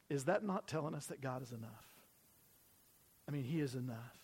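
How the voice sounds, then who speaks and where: A male pastor preaching a sermon in a church, repeating key phrases with emphasis and slowing down on them. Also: medium pitch, lively intonation, a little mellow, breathy edge. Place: church sanctuary.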